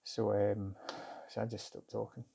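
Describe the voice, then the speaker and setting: Gravelly low-voiced man recalling a story. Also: little pitch movement, dark tone, slight background noise. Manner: candid, halting, self-searching. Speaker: vlogger recounting a job interview. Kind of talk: reflective personal storytelling.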